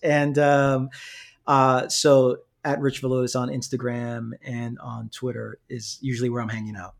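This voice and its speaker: A man who is a pastor, talking as a guest in a casual interview, thoughtful and measured with frequent fillers. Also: medium pitch, level tone, vocal fry.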